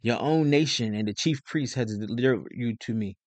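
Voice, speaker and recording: A man's voice: medium pitch, moderate pace, darkish tone, no echo, close to an everyday voice. A man voicing a stern, uneasy Roman governor who presses with firm questions.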